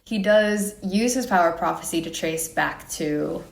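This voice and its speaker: A woman co-hosting a podcast who tells stories in a casual, animated way and slips into character voices. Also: on the low side, normal speed, gravelly. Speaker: podcast co-host. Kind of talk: casual storytelling chat. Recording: roomy echo.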